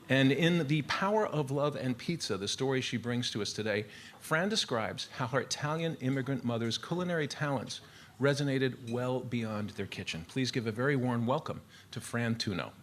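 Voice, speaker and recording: A man's voice: medium pitch, slight background noise. A man introducing a live storytelling show on stage, formal with frequent filler sounds. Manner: warm formal emcee delivery with frequent "uh" fillers. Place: live venue with audience.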